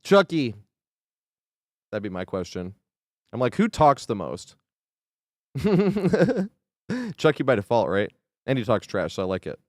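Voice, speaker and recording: A man's voice: lowish voice, very animated, moderate pace, pauses often, no echo, studio quality. A man streaming a game live, chatting casually with viewers, swearing freely and laughing often as he reacts to play.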